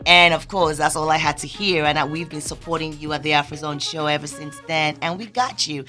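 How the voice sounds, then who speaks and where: A woman hosting an interview show, speaking in a warm, encouraging, preacher-like way. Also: low-pitched, steady tone, a little fast, faint music behind. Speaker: host. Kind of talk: casual interview chat.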